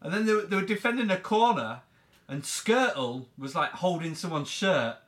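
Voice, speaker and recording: A man's voice: high voice, expressive, normal speed, a bit bright. A young man co-hosting a casual football podcast, telling a story with swearing and laughter. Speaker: podcast co-host. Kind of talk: casual chat.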